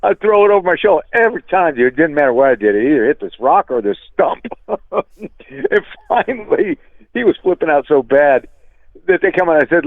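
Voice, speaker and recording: A man with a gravelly, rough-edged voice spins an animated, salty story, calling his listener "dude" along the way. His voice comes through a thin, phone-like line with no room sound around it. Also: fairly high pitch, a little fast, no room sound. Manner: animated, profane, peppers talk with "dude". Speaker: guest musician. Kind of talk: casual storytelling. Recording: tinny phone line, dry.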